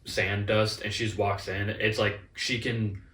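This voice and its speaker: A man chatting casually as co-host, relaxed and agreeable, with frequent "like" fillers. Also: lowish voice, unhurried. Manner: relaxed, agreeable, uses "like" often. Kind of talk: casual chat. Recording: echoey room, distant mic, faint noise.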